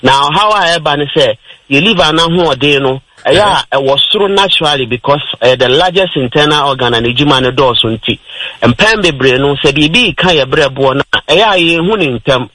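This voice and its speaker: A man's voice: on the high side, a little fast, pushed and bright, no echo, low-quality recording. A Ghanaian man presenting a radio health talk, explaining step by step and mixing in English terms. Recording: radio broadcast.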